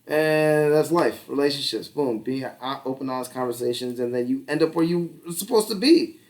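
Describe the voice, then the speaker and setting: A man's voice: medium pitch, normal speed, a little mellow, distant mic. A man in his thirties co-hosting a casual podcast chat, rambling and swearing, laughing often and acting out little exchanges. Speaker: podcast co-host.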